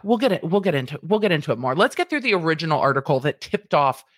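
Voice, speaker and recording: A woman's voice: sits low, big pitch swings, fast talker, no echo, studio quality. A woman hosting a casual commentary show, talking animatedly and putting on exaggerated quoted voices. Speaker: commentary host.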